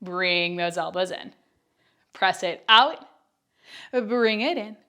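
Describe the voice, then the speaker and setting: A woman's voice: on the low side, takes it slowly, bright, forceful tone, clean tone. A woman instructing a follow-along Pilates workout, counting reps and giving upbeat cues with chatty asides while she is out of breath.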